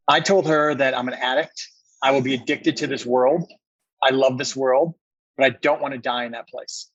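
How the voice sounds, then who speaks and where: A man sits as a podcast guest and tells a long personal story in an earnest way, repeating words for emphasis. His voice sits at an ordinary middle pitch. The audio is dry and slightly dull and muffled. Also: a little fast, a bit bright, no echo. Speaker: podcast guest, company co-founder.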